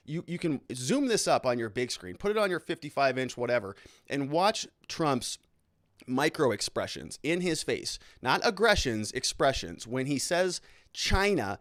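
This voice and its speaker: A male lawyer hosts his own show and riffs through casual legal commentary. He talks in an animated way and often restarts mid-sentence. His voice sits at a middling pitch and sounds dry and close. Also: dry recording.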